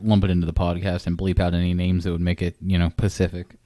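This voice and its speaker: A young adult man with a lowish voice, co-hosting a casual podcast. He rambles and restarts, piling on fillers and curse words. The sound is dry and close. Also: monotone, mellow, no room sound. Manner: rambling, halting, lots of fillers and swearing. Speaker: podcast co-host. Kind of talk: casual chat.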